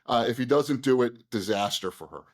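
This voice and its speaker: A man, a guest on an interview show, recounting events in a conversational, animated way, with frequent fillers and quick restarts. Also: medium pitch. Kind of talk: conversational storytelling.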